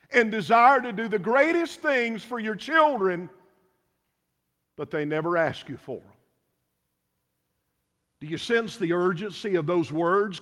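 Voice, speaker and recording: A man's voice: sits high, fairly bright tone. A man preaching a sermon as pastor, emphatic and full of rhetorical questions, in a church. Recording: long hall reverb.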